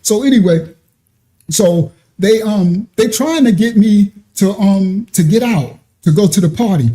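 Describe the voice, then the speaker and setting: A middle-aged man, telling a story in animated, slangy casual talk with laughing asides. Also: high-pitched, a little slow. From New York.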